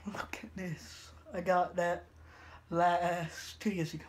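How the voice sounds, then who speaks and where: A vlogger filming at home on a phone, chatting to viewers and cooing excitedly at the pet dog with sudden high-pitched jumps. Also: slow pace, slight background noise. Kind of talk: casual home vlog. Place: home living room with pets. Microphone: phone camera held sideways.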